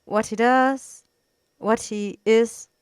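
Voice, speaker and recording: A woman's voice: a little high, fairly even intonation, takes it slowly, smooth, dry recording, studio quality, pitched above the performer's own voice. A woman reading the lines of a cold, ageless robed executor in a neutral, weighty tone. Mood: flat.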